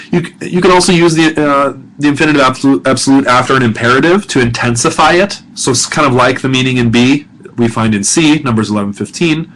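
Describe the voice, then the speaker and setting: A middle-aged man teaching a recorded grammar lesson. He sounds out each word slowly and repeats it, stopping to correct himself with patience. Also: mid-range voice, a bit bright, a little hiss or hum, low-quality recording. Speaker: professor.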